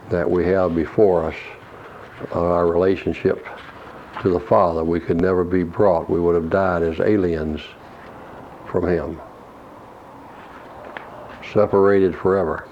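A man preaching an expository Bible lesson, reading verses slowly and explaining Greek words in a measured way. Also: deep voice. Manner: slow, measured reading of scripture with Greek word study. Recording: dull lo-fi recording with faint hiss.

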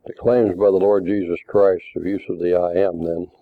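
A man preaching a Bible lesson, measured and reading scripture passages aloud. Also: sits low, flat delivery, no echo. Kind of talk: Bible teaching. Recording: tinny phone-like recording.

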